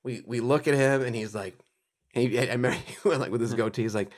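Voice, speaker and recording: A male comedy writer and producer, a podcast guest, telling a story in a lively, quick, run-on way with lots of "like"s and frequent laughter. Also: mid-range voice.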